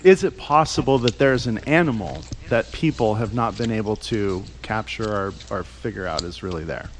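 A man's voice: lowish voice, normal speed, background noise. A man hosting a radio show, chatting loosely in the studio, rambling and laughing as he asks questions. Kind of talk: casual studio chat.

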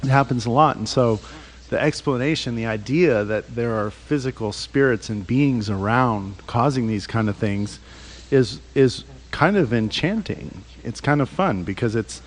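A man's voice: medium pitch, moderate pace. Chatty male radio host, rambling. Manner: rambling, laughs often, lively questions. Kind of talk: casual studio chat. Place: radio studio.

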